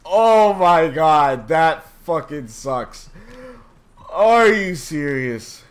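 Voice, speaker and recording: A young man streaming a game live, chatting casually and breaking into loud, swearing, exasperated outbursts. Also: a little high, lively intonation, very slow. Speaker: gaming livestreamer. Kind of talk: live gameplay commentary.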